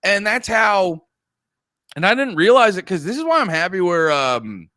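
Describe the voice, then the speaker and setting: Animated young man, lively film chat. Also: high voice, normal speed, no room sound. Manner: animated, excitable, swears casually. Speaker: podcast co-host.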